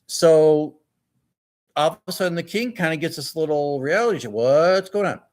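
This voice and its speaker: A male pastor preaching a sermon in a church, telling the story with animated acted-out dialogue. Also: fairly high pitch, moderate pace.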